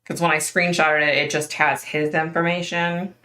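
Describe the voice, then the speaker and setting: A woman's voice: deep voice, level tone, normal speed, bright, forceful tone. A middle-aged woman hosting a casual livestream, chatting with viewers by name and talking with a skeptical edge. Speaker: livestream host.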